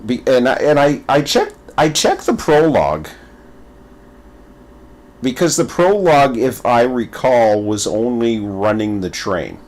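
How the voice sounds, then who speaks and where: A man in casual gaming commentary whose pitch swings widely up and down as he talks. He rambles, stumbles and repeats words while telling his story. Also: measured pace. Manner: animated, playful storytelling. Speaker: gaming video creator.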